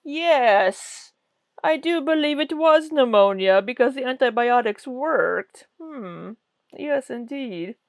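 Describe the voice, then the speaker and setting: A woman putting on the voice of a pompous, know-it-all female doctor, musing in drawn-out tones. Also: high voice, lively intonation, dry recording, voice pushed up, exaggerated voice.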